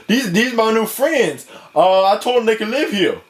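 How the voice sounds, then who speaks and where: A laid-back male cartoon dinosaur talks in lazy street slang, calling everyone folks, as a man voices him. His voice sits high, and he drawls through the puppet skit. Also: expressive, moderate pace.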